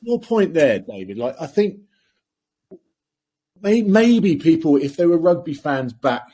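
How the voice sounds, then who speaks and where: Male co-host; husky, warm tone, halting delivery. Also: on the high side, very animated. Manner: thoughtful, hesitant, many fillers. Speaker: podcast co-host. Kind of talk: casual podcast interview.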